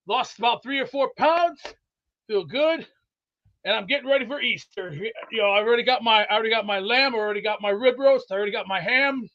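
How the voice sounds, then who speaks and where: High, bright, boastful rambling man. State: out of breath from exercise. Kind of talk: rambling comedic sports chat. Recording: dull lo-fi sound.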